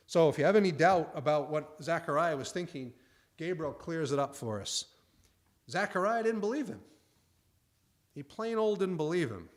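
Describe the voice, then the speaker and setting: Guy preaching a sermon, kinda folksy, voice goes up and down a lot, sits a bit high. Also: animated, moderate pace. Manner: folksy, acts out the angel's lines. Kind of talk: conversational sermon.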